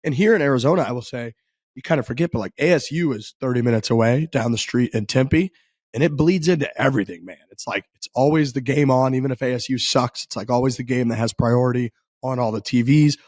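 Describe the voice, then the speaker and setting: A young man with a mid-pitched voice, chatting in a loose, laid-back way and filling the gaps with "like". The sound is dry and close, with no room echo. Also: fast, darkish tone. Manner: laid-back, rambling, lots of "like". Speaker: podcast co-host. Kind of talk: casual chat.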